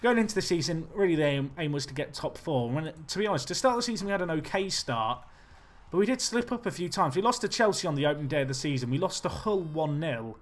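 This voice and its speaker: A man's voice: on the high side, expressive, quick pace. A young man chatting animatedly as he streams a football management game and talks to his chat. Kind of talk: casual game commentary.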